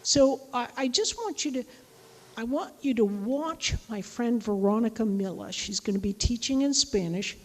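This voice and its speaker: A woman giving a casual, chatty lecture on teaching, animated and full of asides. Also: on the high side, normal speed, in a large hall, rough recording. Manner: chatty, animated, acts out quoted voices. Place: lecture hall.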